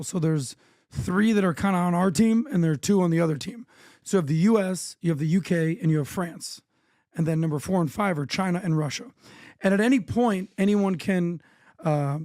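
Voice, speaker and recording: A man's voice: high-pitched, darkish tone, no room sound, studio quality. A man answering a host's question on a panel, explaining things point by point in a lecturing way. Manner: lecturing, list-making. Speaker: panel guest in a played clip.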